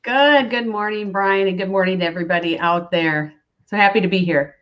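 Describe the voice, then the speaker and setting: A woman's voice: medium pitch, brisk, lo-fi sound. A woman from Minnesota, a guest coach, speaking upbeat in a casual live-stream chat over a video call.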